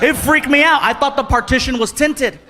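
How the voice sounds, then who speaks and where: A man doing stand-up storytelling on stage, animated, acting out voices and yelling punchlines into a handheld mic. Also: very high-pitched, fairly quick. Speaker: stand-up comedian. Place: theater stage. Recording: live show with loud crowd and noise.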